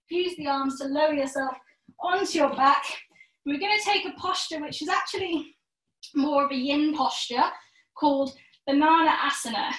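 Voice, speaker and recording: A woman's voice: sits high, a bit bright. A woman teaching a yoga class, calling out poses and giving friendly, encouraging instructions. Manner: encouraging, calls out poses in quick rounds. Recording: echoey room, voice from a distance.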